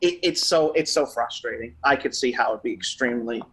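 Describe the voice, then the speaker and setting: Young male host, bright edgy tone, eager and sympathetic interviewer. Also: mid-range voice, husky, poor audio. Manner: enthusiastic, quick to agree. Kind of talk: casual online interview.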